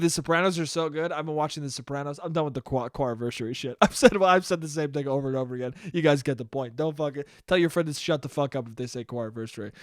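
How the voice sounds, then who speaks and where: A man's voice: on the high side, no echo, studio quality. A young man hosting a solo comedy podcast, rambling and profane, laughing at his own jokes. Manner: slips into mock voices. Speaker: podcast host.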